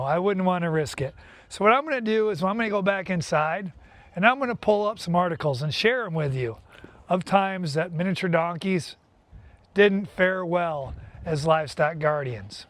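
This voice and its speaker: A man's voice: on the high side, dry recording. A man hosting a casual farm vlog, talking easily about his animals and calling to his dogs outdoors. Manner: chatty, coaxing the dogs with repeated calls; relaxed explanation while reading from a website. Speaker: farm owner and channel host. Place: outdoors on a farm, then inside his house.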